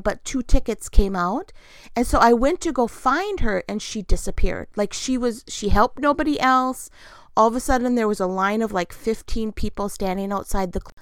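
A woman casually telling a personal travel story, chatty and animated, acting out bits of dialogue. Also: medium pitch, clean tone, no room sound, clean studio sound.

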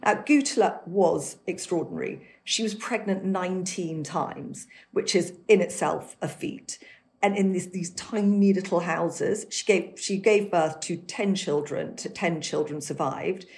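Brief: deep-toned woman author giving fluent, detailed answers as a podcast guest. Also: unhurried, a little mellow. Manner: fluent, detailed historical storytelling. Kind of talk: interview answers.

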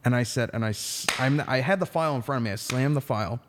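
A man's voice: medium pitch, fast talker, noisy background. A man who is a defense attorney, telling a story in a casual podcast chat with emphatic, profane language.

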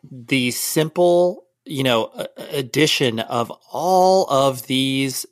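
A man's voice: medium pitch, no echo. Host guy musing along, stumbles a bit, dry mic. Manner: agreeable, short backchannels. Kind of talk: casual conversation.

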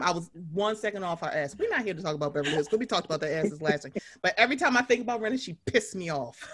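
A woman's voice: mid-range voice, brisk. A woman hosting a podcast in casual chat, brash and profane, laughing often. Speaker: podcast host.

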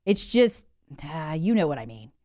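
A woman's voice: low-pitched, normal speed, no echo, clean studio sound. A woman hosting a talk show, delivering an emphatic, opinionated monologue and reading out listener comments. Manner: animated, conversational, emphatic.

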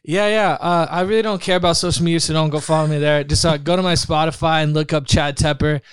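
A man's voice: a little high, fairly even intonation, quick pace, clean tone, no room sound. A man, a guest musician in casual podcast chat, giving an earnest, preachy pep talk and saying "bro" a lot into a studio mic.

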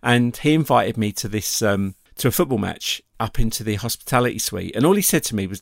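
A middle-aged man tells a personal story, animated and full of acted-out quotes. His voice sits low with a gravelly edge. The sound is dry and close. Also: fairly quick, few pauses, no echo. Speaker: guest telling a story. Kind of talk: casual storytelling.

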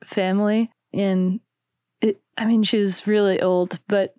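A young adult woman and musician guest, talking reflectively in a casual interview, with many "like"s and soft laughs. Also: mid-range voice, steady tone, measured pace, smooth, no echo, clean studio sound.

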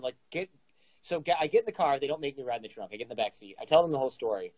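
A man in his forties, a guest storyteller, speaks very fast in a medium-pitched voice, casually telling a story and energetically acting out the dialogue. There's no room sound, though the recording is rough.

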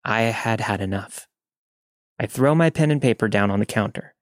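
A man's voice: fairly low pitch, no room sound. Male narrator reading a horror story, dry close sound. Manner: steady, measured reading. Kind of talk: scripted first-person narration of a listener story.

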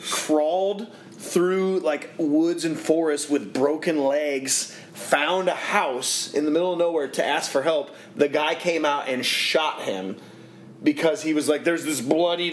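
A man's voice: on the high side, a little hiss or hum. A man, co-hosting a casual chat among friends, laughing often and telling stories. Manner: laughing, storytelling. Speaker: podcast co-host.

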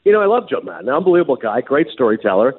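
Sports talk host, man, quick lively delivery, husky, tinny phone-like sound. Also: medium pitch, no echo. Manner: animated storyteller, laughs often. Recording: muffled phone-like broadcast sound.

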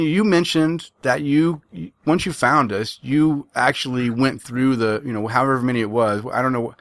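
A man hosting a casual podcast chat, talking in a loose, rambling way and circling back on his words. His voice sits at an ordinary middle pitch, recorded dry and close with no room sound. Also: fairly bright tone, dry recording. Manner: chatty, rambling with restarts. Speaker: podcast host.

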